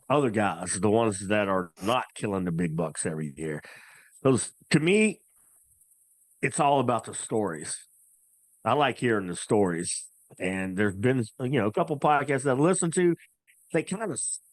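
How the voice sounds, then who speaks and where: A man with a Southern American twang chatting casually on a podcast, laid-back and halting, often repeating words. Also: on the low side, no echo. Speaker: former co-host, now hunting podcaster. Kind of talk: casual chat.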